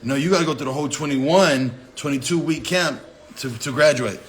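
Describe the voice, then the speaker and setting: A man's voice: a little high, brisk. A man in his thirties telling a personal story in a loose, profane, conversational way. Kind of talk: casual spoken storytelling.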